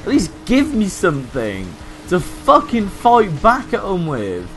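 A man's voice: high-pitched, wildly swooping pitch, a little slow, a bit bright, a little hiss or hum. A man commentating a racing game, cursing and venting his frustration in outbursts. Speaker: let's play gamer. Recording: faint game music behind.

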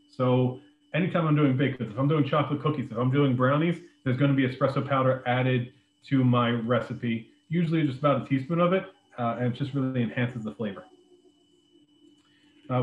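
A man teaches a live online class on making a drink, talking loosely and filling pauses with ums and uhs. His voice sits at an ordinary pitch. It comes through a narrow, phone-like line with a roomy echo behind it. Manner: relaxed, many ums and uhs, loose explanations. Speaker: beverages director teaching a cocktail class. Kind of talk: live online cooking demonstration. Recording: echoey room over a phone-like line.

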